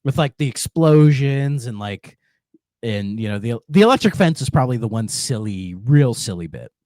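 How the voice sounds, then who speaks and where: Guy cohosting a podcast, lively swinging voice, dry close sound, laughs a lot. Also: medium pitch, normal speed, dry recording. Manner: laughs often, animated storytelling. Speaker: podcast co-host. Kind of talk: casual chat.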